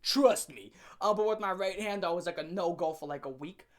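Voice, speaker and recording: A young man telling a funny story from his teen years in a casual, animated way, laughing often and swearing freely. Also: high-pitched, a little fast. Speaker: storyteller host. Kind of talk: comedic storytime vlog.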